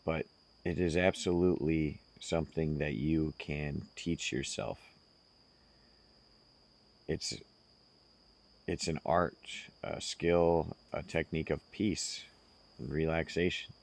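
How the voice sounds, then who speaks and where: A man speaking slowly and earnestly, giving direct self-help advice to the listener. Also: extremely low pitch, steady tone, creaky. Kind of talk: casual advice monologue.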